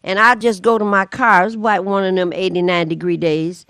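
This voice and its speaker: A woman co-hosting a community talk show, telling stories in a casual, animated way and acting out the voices of the people in them. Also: mid-range voice, a little fast, clean tone, no room sound, clean studio sound. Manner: animated storyteller, acts out voices. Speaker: community radio co-host. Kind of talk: casual storytelling chat.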